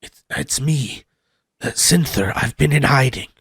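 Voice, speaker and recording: A man voicing a furtive former soldier hiding as a farmer, speaking low and hesitant. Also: unhurried, gravelly, a little hiss or hum. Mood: nervous. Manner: hushed and hesitant.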